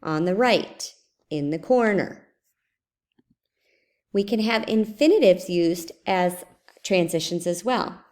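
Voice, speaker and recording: Brief: female teacher, slightly low voice, methodical screencast lesson, reads examples aloud. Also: animated, slow, long pauses, darkish tone. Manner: explains step by step, repeating example sentences aloud.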